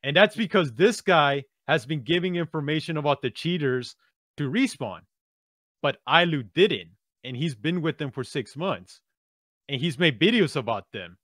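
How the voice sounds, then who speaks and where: Brief: man, podcast co-host, bright tense voice, fairly high, animated storytelling. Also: moderate pace, no echo, studio quality. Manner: animated storyteller, tags lines with "right?". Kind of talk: casual podcast discussion.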